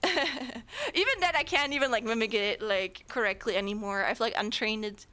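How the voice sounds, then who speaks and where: A woman's voice: fairly high pitch, expressive, normal speed, pushed and bright. A young woman from Germany with a German accent, English not her first language, chatting casually and playfully with her live chat as a streamer. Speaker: Twitch streamer.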